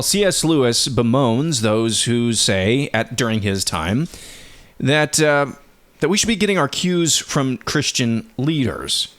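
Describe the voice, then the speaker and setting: A man hosting a talk show, chatting casually and reading passages aloud. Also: medium pitch. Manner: relaxed, chatty, laughs easily. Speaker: host.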